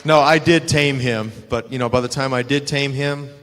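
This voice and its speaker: An older man, a retired wrestler, telling animated stories as a guest at a live fan Q&A and acting out the quotes. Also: medium pitch, moderate pace, in a large hall. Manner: animated anecdotes with acted-out quotes.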